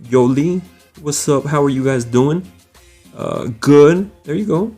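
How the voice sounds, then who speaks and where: A man's voice: on the high side, animated, takes it slowly, warm tone, faint music behind. A young man hosting a live stream, casually greeting viewers by name and reading their comments aloud with frequent laughs.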